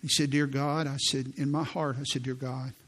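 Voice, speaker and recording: A man in his sixties, a pastor preaching a sermon in a church, telling stories in an earnest way and slowing down for quoted prayers. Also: fairly high pitch, flat delivery, fairly bright tone. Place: church sanctuary.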